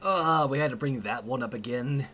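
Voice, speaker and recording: A co-streamer chatting casually during a game, mostly chiming in with quick reactions. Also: medium pitch, pushed and bright, dry recording. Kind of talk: casual chat while gaming.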